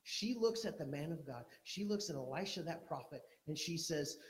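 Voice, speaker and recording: A man preaching a sermon, emphatic, swinging from loud urgency to low, intense delivery and acting out quoted speech. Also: lively intonation, moderate pace. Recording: echoey room.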